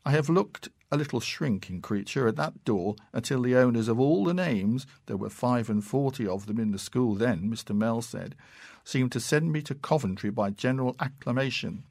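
A man reading classic fiction aloud in a measured, unhurried and expressive way. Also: mid-range voice, gravelly, no room sound, clean studio sound. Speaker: narrator.

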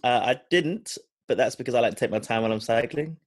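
This man co-hosts a casual podcast chat, voice sitting at a middle pitch. He banters and teases at a quick clip. The sound is dry and close, with no room around it. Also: no room sound. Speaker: podcast co-host.

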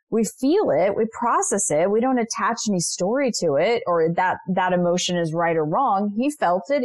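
A woman's voice on the high side, recorded dry, belongs to an interview-show guest who is a transformational leader and spiritual mentor. She reflects earnestly on personal stories, frequently slipping in "you know" asides.

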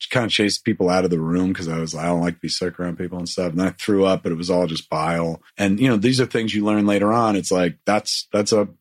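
A man's voice: low-pitched, fairly even intonation, fast, few pauses, no room sound, clean studio sound. A man casually telling a long story with lots of swearing, acting out what people said. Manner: profane, rambling, acts out quotes.

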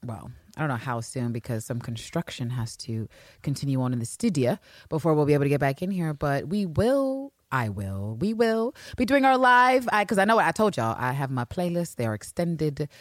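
A woman co-hosting a podcast in casual chat, animated and swearing freely. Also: extremely low pitch, brisk, no room sound, studio quality. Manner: animated, swears casually, swoops up when excited. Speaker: podcast co-host.

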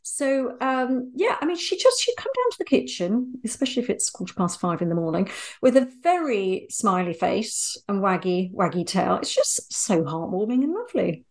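A woman co-hosting a casual podcast, chatty and quick to laugh. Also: medium pitch, sing-song, darkish tone. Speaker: podcast co-host. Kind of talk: casual chat.

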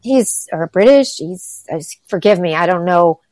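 A woman's voice: lowish voice, expressive, measured pace, a little mellow, dry recording. A woman from Los Angeles chatting as an interview guest, enthusiastic and rambling, with lots of "like" and restarts. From Los Angeles, USA. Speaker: guest, actress and singer. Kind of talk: casual interview chat.

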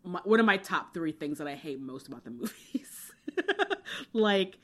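Female podcast co-host, lively and quick to laugh, exasperated rants. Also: sits low. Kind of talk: casual book discussion podcast.

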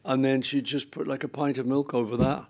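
An older man, a guest on a chat show, telling homely family stories in a halting, rambling way. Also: mid-range voice, little pitch movement, darkish tone. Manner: rambling, halting anecdotes with many fillers. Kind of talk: casual storytelling chat.

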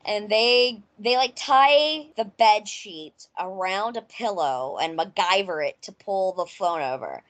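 A woman's voice: mid-range voice, animated, slow pace, few pauses, fairly bright tone. A woman from Mississippi with a Southern American accent, hosting a podcast and casually retelling a film plot with lots of fillers. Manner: loose, filler-heavy storytelling. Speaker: podcast host. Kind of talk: casual chat recapping a film.

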